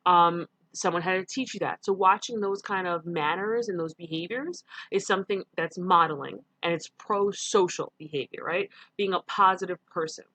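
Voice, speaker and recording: A woman's voice: lowish voice, moderate pace, hardly any pauses, a bit bright, dry recording. A middle-aged woman, giving a casual lecture and often correcting herself with ums. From New York. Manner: conversational, with frequent ums and self-corrections. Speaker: teacher. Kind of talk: recorded online lecture.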